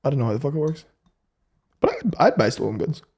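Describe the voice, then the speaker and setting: Brief: young Northern Irish man, fast, sweary podcast co-host. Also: on the high side, very animated, a little mellow, breathy edge. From Northern Ireland. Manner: swears freely, quick anecdotal storytelling. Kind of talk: casual chat.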